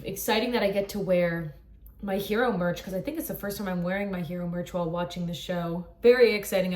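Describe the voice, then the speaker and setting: A woman's voice: medium pitch, a little mellow. Gushing young woman, roomy echo. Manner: gushing, emotional, says "like" often. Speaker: anime reaction vlogger. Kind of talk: casual reaction chat.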